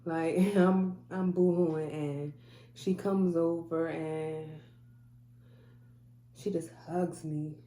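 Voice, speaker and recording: A woman with a fairly low, mellow voice tells a personal story in earnest, voicing the people in it as she goes. She is recorded in an echoey room with a faint hum behind her. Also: steady tone, drawn-out words, long pauses. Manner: earnest, quotes people in dialogue. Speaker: vlogger telling a personal story. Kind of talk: emotional storytelling to camera.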